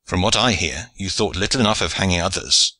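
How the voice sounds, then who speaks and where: A man's voice: low-pitched, expressive, brisk, bright, forceful tone, no room sound, heavily acted, rough recording. A man voicing a curt, chivalrous male English knight who speaks tersely and formally.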